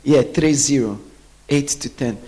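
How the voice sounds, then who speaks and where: A man preaching a sermon, often pausing so the congregation can finish his sentences. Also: mid-range voice, warm tone. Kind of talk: sermon with call-and-response.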